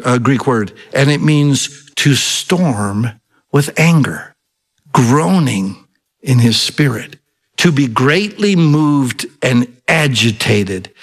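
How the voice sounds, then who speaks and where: A male pastor delivers an earnest sermon, often asking his listeners rhetorical questions. His voice sits a little high for a man. The sound carries a long reverb, as in a large hall. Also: a bit bright.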